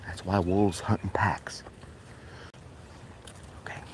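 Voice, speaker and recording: A man filming a casual hiking vlog on a wooded trail, often talking low or whispering as he coaxes his dog along. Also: level tone, takes it slowly, noisy background. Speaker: vlogger walking his dog.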